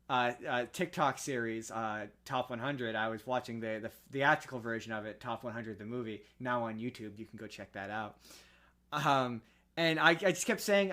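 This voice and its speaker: A young man co-hosting a podcast in casual chat, chatty and quick to react. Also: medium pitch, a bit bright. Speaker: podcast co-host.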